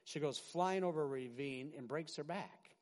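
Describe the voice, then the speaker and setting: A middle-aged man preaching a sermon as pastor, animated, swinging from loud emphasis to quiet asides and often restarting his words. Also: fairly high pitch, normal speed. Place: large hall with a congregation. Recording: long hall reverb.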